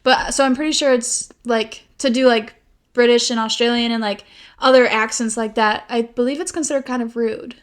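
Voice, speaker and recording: Rambling, giggly young woman with a high voice. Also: fairly even intonation, normal speed. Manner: rambling, giggly, heavy use of "like". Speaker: podcast co-host. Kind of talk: casual chat.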